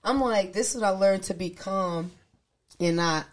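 A woman of medium pitch and moderate pace shares a story as a podcast co-host in easygoing chat. She's spirited, acting out the things others said.

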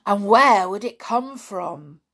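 A woman reading aloud, voicing an eager, excitable farm boy who longs for adventure. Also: slow, heavily acted. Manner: eager, breathless, pitched up.

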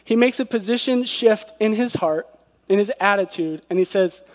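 Speaking at a normal speed in a high pitch, a preacher delivers a sincere devotional sermon full of rhetorical questions. The recording carries a long hall reverb.

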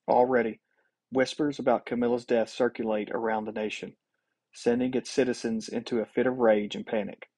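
Guy narrating a sci-fi story, husky voice, middle pitch, steady and dramatic. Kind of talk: scripted narration.

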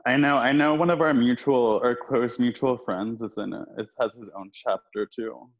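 A man's voice: mid-range voice, fairly even intonation, normal speed, dull audio. A man hosting a podcast, chatting casually and teasing his guest with frequent giggles. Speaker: podcast host. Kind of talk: casual chat.

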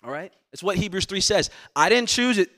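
A man's voice: sits high, animated, fairly quick, sharp tone. A man as pastor delivering a sermon, earnest, repeating words as he presses his points. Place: church sanctuary.

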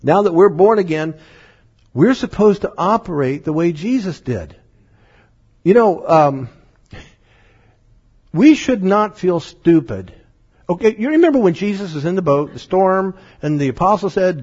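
An animated man preaches to his congregation, acting out voices and laughing as he goes. His voice sits high and is husky, swinging widely in pitch. The recording is dull and lo-fi. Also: measured pace, pauses often. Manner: animated, acts out voices in stories, laughs often. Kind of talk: sermon. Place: church meeting room.

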